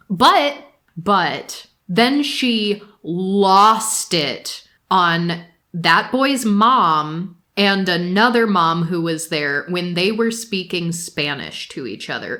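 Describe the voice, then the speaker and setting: A woman's voice: lowish voice, lively intonation, takes it slowly, sharp tone. A woman co-hosting a podcast, casually recapping reality shows, laughing often and swearing freely. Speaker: podcast co-host.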